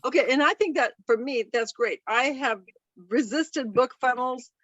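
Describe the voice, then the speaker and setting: A woman's voice: high-pitched, normal speed, a bit bright, dry recording. A woman hosting a webinar, hesitant with many fillers. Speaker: host. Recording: dull dry lo-fi call audio.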